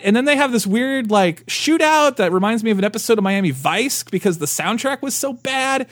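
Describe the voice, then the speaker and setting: A man in his thirties in casual podcast chat, rambling and animated, full of restarts and fillers. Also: very high-pitched, fairly quick, few pauses, no room sound. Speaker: podcast co-host.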